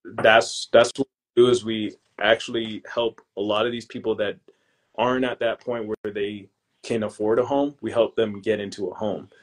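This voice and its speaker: Laid-back low-voiced young man telling stories. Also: normal speed. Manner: relaxed and slangy, calls the hosts "bro"; lively storyteller who acts out his own past lines. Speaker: podcast guest, real estate investor. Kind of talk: casual interview chat.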